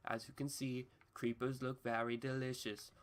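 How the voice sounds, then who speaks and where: A man voicing a male wilderness survival show host in a put-on Australian accent, with a stiff, formal, deadpan delivery in a comedy skit. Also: medium pitch, normal speed, lightly acted. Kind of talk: comedy skit narration over gameplay.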